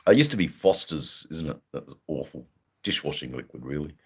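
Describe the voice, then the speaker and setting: This older Australian man chats on a livestream in a husky bass voice, fairly quick, with lively intonation. As host he reads and answers viewers' comments, rambling in a laid-back manner with plenty of fillers.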